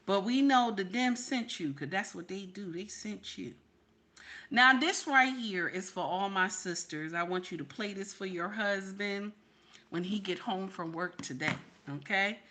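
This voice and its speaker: A woman's voice: mid-range voice, measured pace, bright, forceful tone. A woman hosting her own channel, giving sassy, preachy reaction commentary straight to her viewers. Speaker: channel host.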